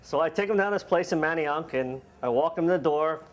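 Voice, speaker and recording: A man with a slightly high voice tells a comic personal story into a microphone on a live stage. He is casual and self-mocking, often chuckling. He acts out the back-and-forth dialogue with quick shifts of voice.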